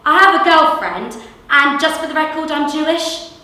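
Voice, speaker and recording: A woman's voice: high voice, moderate pace, bright, forceful tone, pitched above the performer's own voice. A woman voicing an exasperated, sarcastic young cyclist in a stage monologue. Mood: indignant. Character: indignant young London man, cyclist. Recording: echoey hall from far off.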